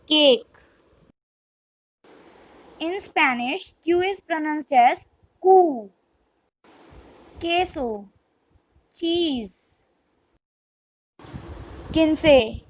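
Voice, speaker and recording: High-voiced woman reading words very slowly. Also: fairly bright tone, low-quality recording. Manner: slow, word-by-word, deliberate reading. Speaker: language tutor. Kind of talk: scripted vocabulary drill.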